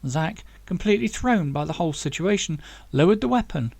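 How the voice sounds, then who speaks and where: A man reading his own novel aloud in steady, dramatic audiobook narration. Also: on the high side, a little fast, creaky, dry recording.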